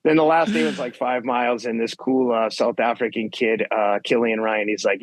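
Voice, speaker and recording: A man's voice: medium pitch, moderate pace, few pauses, dry recording. A man guest on a podcast, telling race stories in a blunt, intense way, swearing freely. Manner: blunt, profane, intense, animated retelling. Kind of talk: casual storytelling interview.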